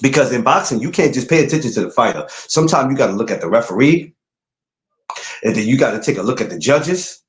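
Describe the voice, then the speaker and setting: A man's voice: medium pitch, fast talker, roomy sound. A man hosting a podcast, talking boxing in a casual, emphatic way. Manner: animated, emphatic, rising to incredulous outbursts. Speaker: podcast host.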